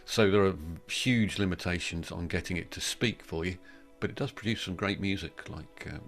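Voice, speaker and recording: A man's voice: low-pitched, normal speed, fairly bright tone, soft background music. A man co-hosting a casual live stream chat, rambling and thoughtful, often trailing off. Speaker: co-host.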